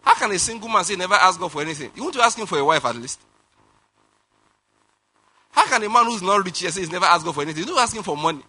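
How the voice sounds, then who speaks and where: High, bright-voiced preacher. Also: male voice, racing, pauses often, husky. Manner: animated preaching with laughter and rhetorical questions. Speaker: pastor. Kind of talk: sermon.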